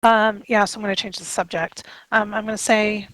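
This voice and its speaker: A woman's voice: medium pitch, fairly even intonation, a little fast, a bit bright, dry recording, rough recording. A woman playing a tabletop role-playing game, describing her moves hesitantly with many fillers. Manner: hesitant, thinks aloud with fillers. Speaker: player.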